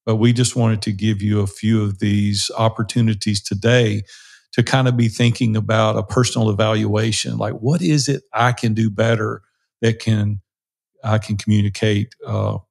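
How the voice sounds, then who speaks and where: A man's voice: on the low side, little pitch movement, moderate pace, creaky, darkish tone. Earnest, candid older man co-hosting. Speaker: podcast co-host. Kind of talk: casual podcast conversation.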